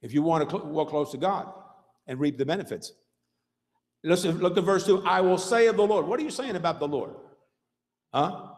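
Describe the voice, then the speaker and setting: A man's voice: on the high side, a little fast. A man preaching a sermon as pastor, emphatic and rhythmic, throwing out call-outs like "Hello?" and "Huh?" to the congregation. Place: church sanctuary. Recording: long reverb of a church hall.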